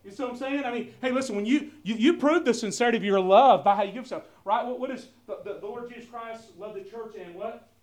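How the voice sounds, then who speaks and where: Man preaching, high voice, call-and-response questions, soft then loud bursts, lots of fillers. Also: fast talker, few pauses, echoey room, distant mic. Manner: volume swings between soft asides and loud emphatic stretches; conversational with frequent fillers and repeated words. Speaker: pastor. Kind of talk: sermon.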